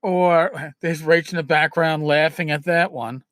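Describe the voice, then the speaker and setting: A man from New York City hosts a podcast, dispensing casual advice in a fairly high, steady, slightly bright voice at an unhurried pace. He's chatty and repetitive, restarting phrases and shifting from emphatic remarks to low asides. The studio sound is clean, with no echo.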